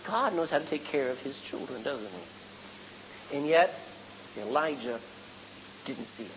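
A woman's voice: a bass voice, lively intonation, unhurried, long reverb tail, muffled recording, slight background noise. A woman preaching a sermon to a congregation, asking rhetorical questions and acting out the lines she quotes.

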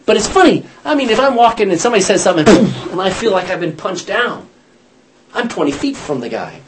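In a noisy setting, a man with a high voice leads an informal Bible study at a brisk pace. He tells the stories chattily and with animation, acting out lines, laughing, and catching his own mistakes.

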